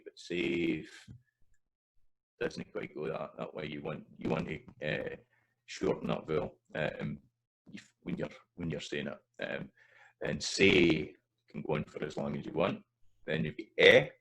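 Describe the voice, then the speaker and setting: Low gravelly Scottish man teaching. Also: unhurried, poor audio. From Scotland. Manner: demonstrates vowel sounds by repeating words, loose and hesitant between examples. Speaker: language teacher. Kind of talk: recorded slide lesson on pronunciation.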